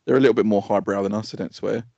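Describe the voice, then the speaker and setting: A man's voice: on the low side, fairly even intonation, racing, creaky, mellow, dry recording. A man with an Essex accent co-hosting a podcast, telling rambling stories with swearing and laughter. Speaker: podcast co-host. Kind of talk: casual podcast chat. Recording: dull lo-fi podcast audio.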